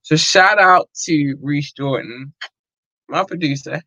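A man's voice: mid-range voice, moderate pace, bright, forceful tone, no room sound, poor audio. A man hosting a casual podcast livestream, talking loosely to his listeners with lots of fillers, slang and swearing. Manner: rambling, profane, many fillers, addresses listeners as y'all. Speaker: podcast host.

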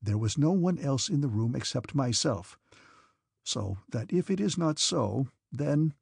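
A man playing a proud young cadet in an audiobook, earnest and strained, pitched above his own voice. The tone is gravelly and husky in a dry room. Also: expressive, measured pace, darkish tone, no echo, exaggerated voice.

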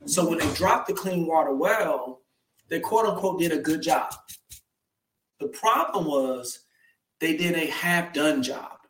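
A man who works as a faith-based life coach, telling stories in an emphatic, preachy manner. His voice sits a little high for a man. He is picked up from some distance in an echoey room. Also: lively intonation, a little slow, fairly bright tone. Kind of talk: casual conversational interview. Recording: roomy, slightly distant sound.

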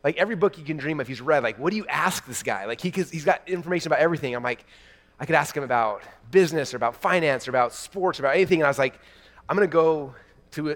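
Fast-talking man in a big hall. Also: a little high. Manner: excited storytelling, addresses crowd as "you guys". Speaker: keynote speaker. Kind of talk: energetic stage keynote. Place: large event hall before a live audience.

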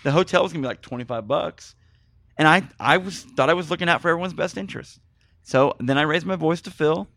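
A man hosting a podcast, rambling in excitable, apologetic stories. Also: a little high, quick pace, vocal fry, no echo. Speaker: podcast host. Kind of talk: casual podcast chat.

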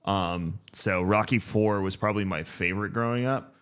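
This is a man in his thirties, co-hosting a relaxed podcast conversation. His voice sits very low. He rambles in an easygoing way, and his sentences are filled with ums and restarts. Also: moderate pace, clear, resonant tone. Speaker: podcast co-host. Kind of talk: casual podcast chat.

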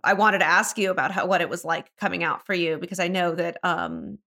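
A woman hosting a podcast interview in casual chat, expressive and quick to react with disbelief. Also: lowish voice. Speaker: podcast host.

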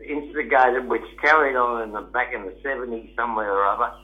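An Australian man's voice comes in over a thin, tinny phone line. He chats in a halting way and often stops to find his words. His pitch sits in the middle of the range. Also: fairly even intonation. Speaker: caller. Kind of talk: casual phone chat.

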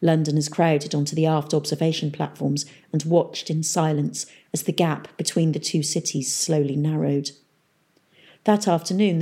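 Husky woman reading a story. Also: low voice. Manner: steady, storytelling delivery. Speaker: narrator. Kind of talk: audiobook reading.

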